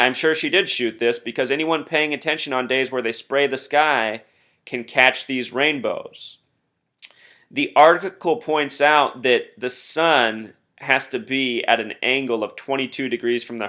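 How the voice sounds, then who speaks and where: A man's voice: medium pitch, fairly bright tone. A man hosting a solo commentary video, earnestly explaining number codes and reading out quotes. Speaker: conspiracy video host.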